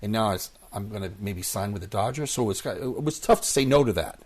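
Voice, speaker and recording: Older man in his sixties, low husky voice, lively interview guest who acts out quotes. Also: fairly quick. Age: 60s. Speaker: guest, former baseball player. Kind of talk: casual storytelling interview.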